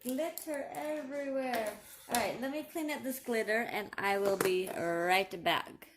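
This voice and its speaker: A woman, chatting excitedly to viewers while unboxing craft supplies. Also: on the high side, measured pace, noisy background. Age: 40s. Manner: gushing, excitable, talks to viewers. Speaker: crafting vlogger. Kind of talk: casual unboxing commentary.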